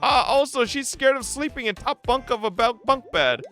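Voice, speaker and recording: A man voicing a panicky young female gang member who pleads in a squeaky voice while reading game dialogue. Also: animated, normal speed, sharp tone, faint music behind, heavily acted. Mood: pleading.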